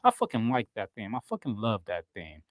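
A man's voice: lowish voice, huge pitch swings, a little fast, slight background noise. A man co-hosting a wrestling podcast, talking loosely and profanely with frequent laughs. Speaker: podcast co-host. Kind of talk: casual wrestling talk.

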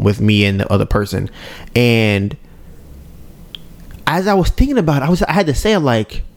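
Animated man telling a personal story. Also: mid-range voice. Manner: animated, acts out his own and others' lines; conversational, checks in with "right?". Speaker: podcast co-host. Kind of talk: casual storytelling to listeners.

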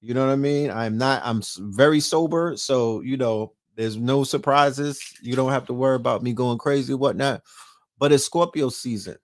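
Brash and profane, this late-night livestream host keeps trash-talking and firing rhetorical asides and questions at his viewers. He speaks at a normal speed in a mid-range voice, with clean studio sound and no room tone.

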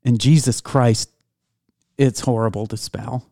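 A man trading wry, offhand remarks as a co-host on a casual comedy radio show. His voice sits at a middling pitch and sounds dry and close, with no room echo. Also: steady tone, measured pace, gravelly, warm tone.

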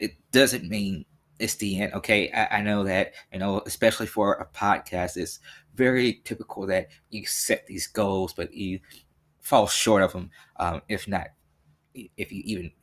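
Young male solo podcast host, low-ish voice, earnest and rambling with lots of fillers. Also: fairly bright tone. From Tennessee.

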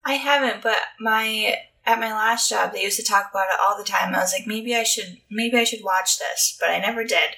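A woman's voice: mid-range voice, a little fast, vocal fry, hardly any pauses, pushed and bright, low-quality recording. A woman in casual chat as a podcast co-host, playful and self-deprecating.

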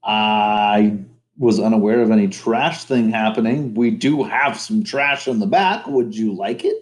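A man's voice: on the low side, a little slow. Jokey man hosting a kids' read-aloud. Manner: jokey, chatty, acts out characters. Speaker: storytelling host. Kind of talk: playful read-aloud for kids.

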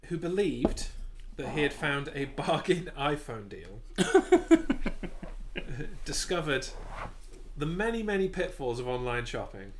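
A man's voice: on the high side, very animated, measured pace, long pauses. Sardonic british guy hosting a podcast, dry humor, voice goes up and down a lot. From Britain. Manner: sardonic, dry jokes, swears casually. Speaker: podcast host. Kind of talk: casual chat.

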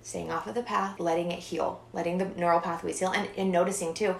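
A woman in her thirties chatting as a podcast guest, animated and expressive, often breaking into laughter. Her voice sits on the low side, and the recording has a roomy echo around it. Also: quick pace, vocal fry. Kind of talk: casual interview chat.

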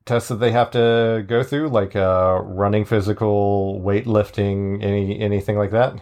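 Sex: man. Pace: very slow. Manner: dry joker. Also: lowish voice, steady tone, darkish tone. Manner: dry, joking interjections. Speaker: podcast co-host. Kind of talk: casual podcast chat.

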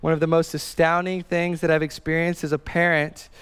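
A man in his thirties, a pastor, preaches with a slightly high, bright, clear and resonant voice, keeping a flat delivery and a brisk pace. His earnest, casual talk is dotted with fillers and restarts, captured in a reverberant hall.

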